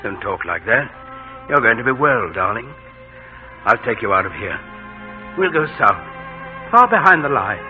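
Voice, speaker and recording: An actor playing a loving soldier husband and father who speaks in a low, gentle, earnest voice. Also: sing-song, normal speed, pauses often. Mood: tender. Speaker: actor in an old film. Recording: tinny old film soundtrack with music.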